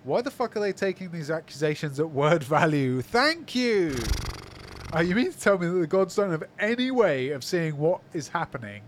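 A man co-hosting a casual podcast, reading listener comments aloud and reacting with quick, animated quips. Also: a little high, slight background noise. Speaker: podcast co-host.

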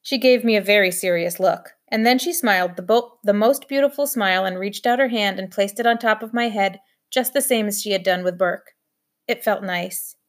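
A woman's voice: medium pitch, moderate pace. Woman reading a children's novel aloud. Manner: steady first-person storytelling. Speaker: audiobook reader.

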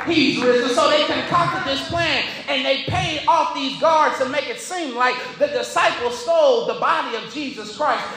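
A male preacher with a strikingly high, ringing voice, shouting and whooping as he drives his sermon and calls for answers. His voice booms through a big, heavily echoing church sanctuary while the congregation responds behind him. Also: moderate pace, few pauses. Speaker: pastor. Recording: very echoey hall with crowd.

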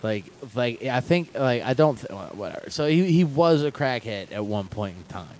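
A man's voice: mid-range voice, animated, normal speed, a little mellow, slight background noise. Rambling, slightly drunk man. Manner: rambling, swearing, trailing off. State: a little drunk. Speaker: comedian, podcast host. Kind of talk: casual podcast chat. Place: home.

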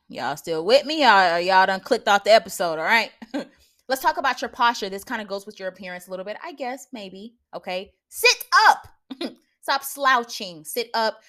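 A woman's voice: medium pitch, a bit bright. A young adult woman hosting a podcast, giving blunt, preachy advice in casual slang, often laughing and asking listeners if they follow. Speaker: podcast host.

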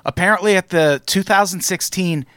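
A man's voice: high-pitched, moderate pace, pushed and bright, smooth, dry recording. A man hosting a podcast in casual chat, wry and profane with a sarcastic edge, on a close microphone. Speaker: podcast host.

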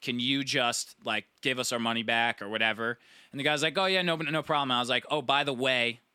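A young man rambles through a long, profane party story in casual chat, animatedly acting out his friends' voices. His voice is medium-pitched, a little fast and clean, recorded dry at studio quality.

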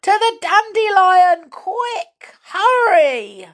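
A woman voicing a cheerful, quick-thinking odd little man who shouts bright calls. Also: medium pitch, expressive. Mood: urgent.

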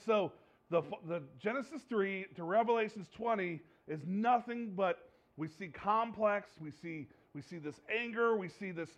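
High-voiced joking preacher man. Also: creaky. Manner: joking, animated, repeats phrases for emphasis. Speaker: pastor. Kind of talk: conversational sermon.

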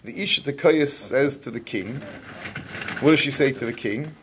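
A man's voice: medium pitch, normal speed, slight background noise. A man teaching an evening Torah class, reading verses, translating them and acting out what the people said, in Yeshivish English. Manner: Yeshivish English with Hebrew phrases.

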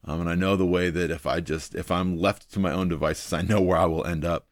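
A man's voice: low voice, steady tone, fairly quick, no room sound, clean studio sound. A man hosting a devotional video, teaching from the Bible in an earnest, thinking-aloud way, full of ums and repeating his main points.

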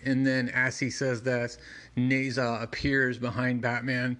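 Brief: relaxed man reading through a comic, chatty asides, mid pitch, casual commentary. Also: measured pace. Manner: conversational, many fillers and asides. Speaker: comic book reviewer and reader.

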